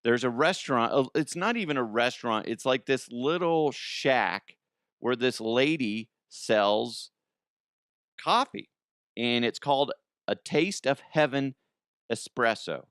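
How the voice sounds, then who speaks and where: Animated joking male podcast host. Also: mid-range voice, a little slow, smooth, no echo, studio quality. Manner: animated, joking, laughs often. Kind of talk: comedic news podcast chat. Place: home, morning recording.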